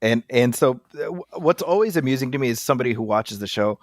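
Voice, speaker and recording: A man chatting casually as a podcast co-host, his pitch swinging up and down as he tells a story. He rambles and restarts often. The sound is dry and close. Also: fast talker, no echo. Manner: rambling, animated, lots of fillers and restarts. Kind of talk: casual chat.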